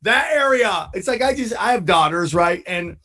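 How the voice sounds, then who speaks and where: A man's voice: sits high, lively intonation, moderate pace, bright, forceful tone. A man hosting a podcast in casual, laid-back chat, calling everyone "dude". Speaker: podcast host.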